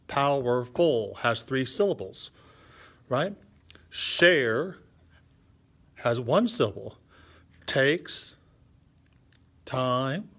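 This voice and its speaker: Male instructor, unhurried, mid-pitched, gentle counting teacher for a kids' live lesson. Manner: patient, counts syllables aloud, thinks while drawing. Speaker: art and poetry instructor for kids.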